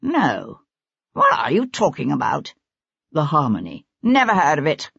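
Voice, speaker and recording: A woman's voice: low-pitched, wildly swooping pitch, measured pace, vocal fry, fairly bright tone, husky, dry recording, lo-fi sound, full character voice. A woman voicing a hot-tempered one-armed army captain in an audiobook, curt and demanding.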